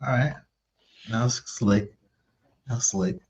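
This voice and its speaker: A man's voice: medium pitch, expressive, slow pace, vocal fry. A man co-hosting a casual sports debate, boasting about his team and insisting on it over and over. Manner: boastful, insistent fan banter. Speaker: sports podcast co-host.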